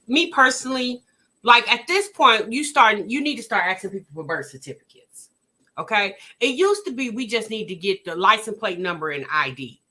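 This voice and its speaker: Lively, bright-voiced woman vlog host. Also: on the high side. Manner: animated and exclamatory, with many restarts. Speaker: vlog host reacting to a video. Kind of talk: casual reaction commentary to live chat.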